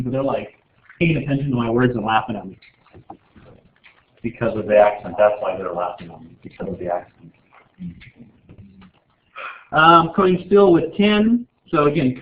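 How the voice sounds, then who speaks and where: A man's voice: medium pitch, normal speed, long pauses, slight background noise. A man teaching a chemistry class in a casual, joking way, rambling with lots of filler words. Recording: echoey room over a tinny, phone-like line.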